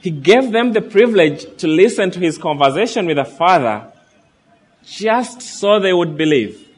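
A man's voice: sits high, very animated, normal speed, breathy edge. A man preaching a sermon, reading scripture aloud and earnestly asking his listeners questions.

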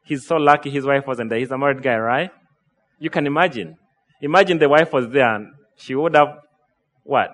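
A man's voice: medium pitch, normal speed, fairly bright tone. Man preaching in a reverberant hall. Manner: conversational, asks rhetorical questions. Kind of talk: sermon.

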